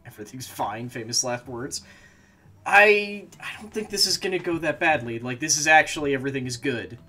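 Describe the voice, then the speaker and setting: Bright-voiced man streaming a game. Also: on the high side, expressive, normal speed. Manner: talks to himself, swears, frustrated outbursts. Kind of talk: casual gameplay commentary.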